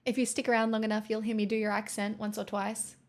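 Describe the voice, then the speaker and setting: A woman's voice: medium pitch, little pitch movement, fast talker. A woman from the southeastern US hosting a livestream, chatting casually and teasing her viewers as she reads the chat. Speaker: livestream host.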